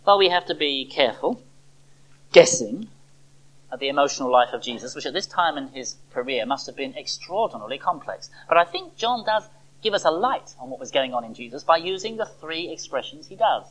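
A preacher delivers an expressive sermon to a church congregation, using dramatic pauses and rhetorical questions. His voice is medium-pitched, and the recording quality is low.

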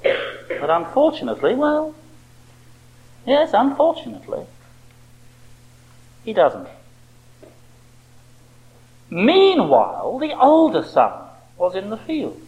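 A man's voice: sits high, wildly swooping pitch, slow pace, pauses often, phone-quality sound. A man preaching a sermon with impassioned rhetorical questions.

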